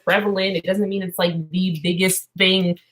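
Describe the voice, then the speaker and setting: A woman's voice: on the low side, level tone, normal speed, fairly bright tone. A woman vlogging in a clown persona, drifting earnestly from topic to topic and then turning silly. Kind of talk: rambling casual vlog.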